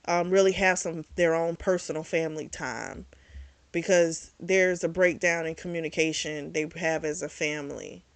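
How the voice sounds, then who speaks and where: A woman hosting a book club channel, recapping a novel in a casual, animated way and swearing freely. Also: sits low, normal speed, dry recording.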